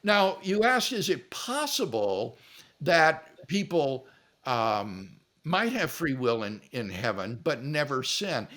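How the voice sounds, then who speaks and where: An older man, a philosopher telling stories and answering questions in a relaxed, animated way. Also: mid-range voice, slow. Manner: animated storyteller, acts out quotes.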